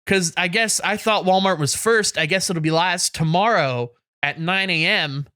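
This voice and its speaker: A man co-hosting a podcast, telling a self-deprecating story in a lively way and laughing often. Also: high-pitched, normal speed, clean tone, no echo, studio quality. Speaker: podcast co-host. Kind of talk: casual podcast chat. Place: in Canada.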